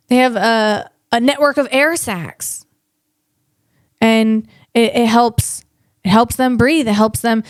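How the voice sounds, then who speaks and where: A woman's voice: a little high, dry recording, studio quality. A woman comedian hosting a solo podcast, reading facts and riffing playfully, stumbling on hard words.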